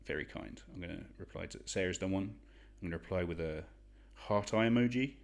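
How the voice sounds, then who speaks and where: Quiz host, young English man, deep voice, casual and chatty, pokes fun at himself. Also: a little fast. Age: young adult. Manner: chatty, self-deprecating, reads shout-outs. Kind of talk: casual quiz hosting livestream.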